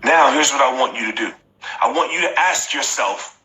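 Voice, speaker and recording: A man's voice: mid-range voice, lively intonation, normal speed, bright, forceful tone, slight background noise. A man in his forties giving a motivational live-stream talk, repeating phrases emphatically and coaching his viewers directly. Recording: echoey room.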